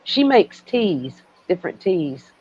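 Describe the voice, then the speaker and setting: An older woman co-hosting a livestream, chatty and quick to laugh. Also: on the low side, sing-song, dull audio, crowd noise. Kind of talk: casual livestream chat.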